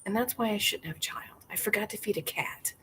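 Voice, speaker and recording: A woman's voice: mid-range voice, fairly quick, fairly bright tone, slight background noise. A woman hosting a casual livestream outdoors, chatting in a rambling way and laughing often. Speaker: livestream host.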